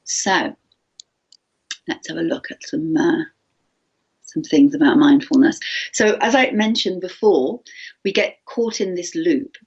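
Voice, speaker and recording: A husky-voiced woman leads an interactive teacher-training workshop, speaking with lively energy and often checking in with her listeners. She slips into worried inner voices to make her points. The sound is dull and lo-fi, as if coming through a video call. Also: fairly low pitch, unhurried, long pauses. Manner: lively, animated, acts out anxious inner voices, frequent "okay?".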